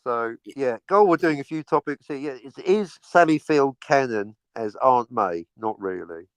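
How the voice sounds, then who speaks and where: A man's voice: mid-range voice, lively intonation, normal speed, smooth, no echo. A man co-hosting a casual podcast, ranting sarcastically and swearing freely. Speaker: podcast co-host. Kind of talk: casual crude banter.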